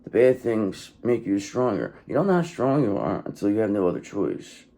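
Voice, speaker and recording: Brief: a low, gravelly man reading tarot, blunt and sweary, with lots of up and down in his voice. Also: big pitch swings, normal speed, dark tone. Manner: blunt, profane and repetitive, often says okay. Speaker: tarot reader. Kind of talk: casual tarot reading monologue.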